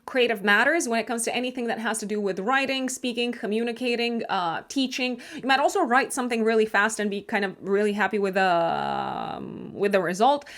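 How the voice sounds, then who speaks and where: A woman's voice: a little high, brisk, fairly bright tone. A woman hosting a monthly horoscope video, talking casually with many fillers and restarts and laughing at herself now and then. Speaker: astrologer host.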